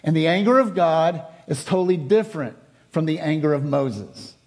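A man's voice: on the high side, lively intonation, moderate pace, a little mellow. A man preaching a sermon, reading scripture aloud and explaining it with rhetorical questions and repetition.

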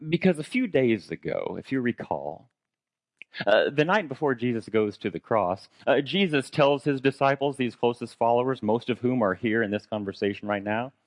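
A man's voice: medium pitch, no echo. A man preaching a sermon in a conversational way, posing rhetorical questions and retelling a story dramatically. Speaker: pastor.

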